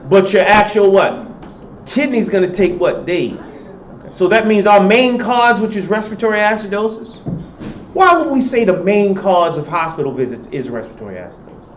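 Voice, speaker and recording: A man's voice: high-pitched, animated, moderate pace. A male professor giving a classroom lecture, quizzing students and answering his own questions. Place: lecture hall. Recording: echoey lecture hall, dull sound, faint hiss.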